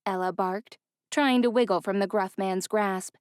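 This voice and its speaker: A woman narrating a fantasy romance audiobook in an even, clear storytelling voice. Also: mid-range voice, moderate pace, no room sound, clean studio sound. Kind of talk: scripted narration.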